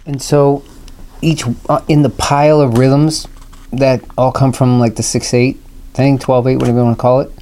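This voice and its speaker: A man talks through a casual music lesson in a mellow, dark voice and scats the rhythms out loud. Faint noise sits under the recording. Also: medium pitch, level tone, moderate pace. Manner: explains rhythms by scatting syllables. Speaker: music teacher.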